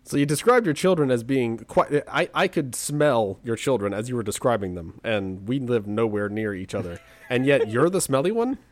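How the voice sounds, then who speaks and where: A man's voice: mid-range voice, normal speed, hardly any pauses, no echo. A man hosting a webcomics podcast, joking and laughing often in casual banter with his co-host. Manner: jokey, laughs often, lively teasing.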